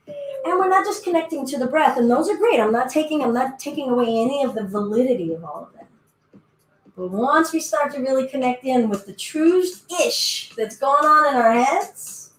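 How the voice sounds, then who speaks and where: A woman's voice: high-pitched, a little hiss or hum. A woman teaching a guided yoga class in a playful, chatty way, giving her breath and body little voices as she goes. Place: indoor room, virtual class. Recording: echoey room with faint music.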